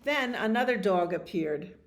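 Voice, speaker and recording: A woman librarian reading a picture book aloud to children, expressive, with animal sounds and little asides. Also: medium pitch, unhurried, noisy background.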